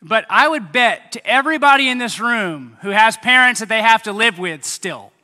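A man preaching a sermon as pastor, animated, acting out voices and making sound effects. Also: high voice, moderate pace. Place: church hall. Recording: hall reverb.

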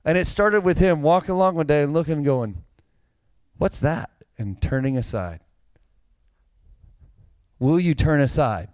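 A male pastor preaches in an easy, conversational way and often turns to the congregation with questions. His voice is smooth and clear and sits a bit high. The sound is dry, with no room echo. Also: moderate pace, long pauses, a little mellow. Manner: conversational, direct address to congregation. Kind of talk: sermon.

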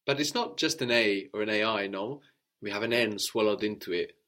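A male teacher giving a spoken language lesson. He explains pronunciation patiently and steadily, pausing to quiz his student with short questions. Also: on the low side, bright, forceful tone.

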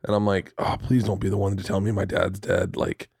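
Male podcast host, 30s, animated swearing storyteller, dry close mic. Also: on the low side, brisk, creaky, breathy edge, no echo. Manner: animated, profane storyteller who acts out quotes. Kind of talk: casual conversation, storytelling. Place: home studio room.

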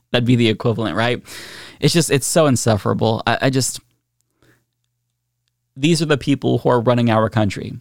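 A man's voice: mid-range voice, normal speed, creaky, pauses often, no room sound, clean studio sound. Blunt, sarcastic male political commentator.

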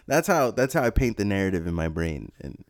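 A man's voice: on the low side, sing-song, brisk. A young man in casual crude banter on a podcast, rambling, swearing and laughing often.

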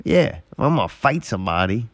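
A man's voice: mid-range voice, sing-song, fairly quick, no room sound. A man co-hosting a casual chat, blunt, profane and drawling as he spins a story.

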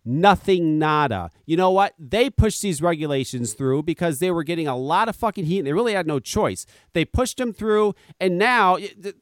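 A man's voice: high voice, dry recording, studio quality. A man hosting a talk radio podcast, ranting sarcastically with heavy swearing. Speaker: podcast host.

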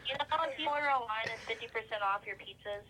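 A woman's voice: a little high, fast, a crowd in the background, low-quality recording. A woman working at a pizza shop takes a phone order. She is busy, impatient and curt.

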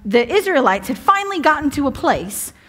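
Female guest preacher, conversational and humorous, a touch high-pitched. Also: sing-song, brisk. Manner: chatty, humorous, self-interrupting. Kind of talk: sermon. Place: church evening service.

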